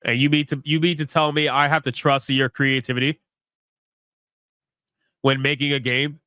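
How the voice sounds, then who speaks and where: A man's voice: mid-range voice, little pitch movement, normal speed, sharp tone, no echo. A man reacting live on stream to a video, with crude, sarcastic and mocking commentary.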